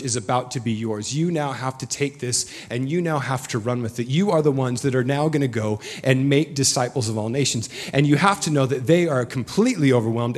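Pastor, male, 30s, relaxed storytelling sermon delivery, mid pitch. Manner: casual, storytelling, joking asides.

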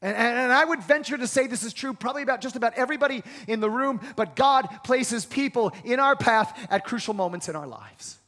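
High-voiced preacher in a reverberant hall. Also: male voice, expressive, fairly quick, few pauses, pushed and bright. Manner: dramatic, acts out dialogue, builds to emphatic repetition. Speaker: pastor. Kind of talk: sermon.

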